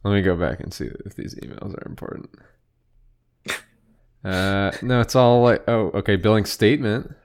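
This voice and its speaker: A man's voice: lowish voice, normal speed, long pauses, a little mellow, smooth. A man co-hosting a podcast in casual chat, dry and offhand in manner. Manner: dry, offhand, reads aloud in a mock announcer voice. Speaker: podcast co-host.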